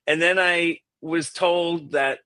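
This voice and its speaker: A male tenor singer on a podcast, spinning an animated anecdote and acting out what others said. His speaking voice sits a little high with a bright, forceful edge. The sound is dry and close, with no room echo. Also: slow pace, smooth. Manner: animated storyteller who acts out quotes. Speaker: guest, classical tenor singer.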